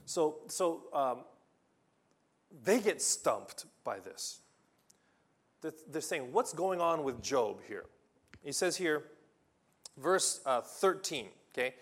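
A man preaching a sermon with passion, reading scripture loudly and restarting his sentences when he gets excited. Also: fairly high pitch, slow, pauses often. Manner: impassioned, rising to loud emphatic reading of scripture. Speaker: pastor.

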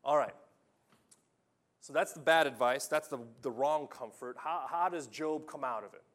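A man preaching a sermon, telling stories with lively swings from loud urging to hushed, quiet lines. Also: a little high, normal speed.

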